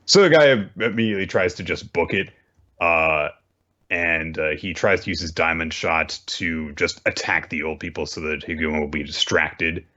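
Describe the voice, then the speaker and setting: A man's voice: deep voice, normal speed, sharp tone. A man co-hosting a casual manga podcast, retelling plots plainly with many "uh"s. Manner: plain, filler-heavy plot retelling. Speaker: podcast co-host. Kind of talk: casual manga recap chat. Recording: dull lo-fi sound.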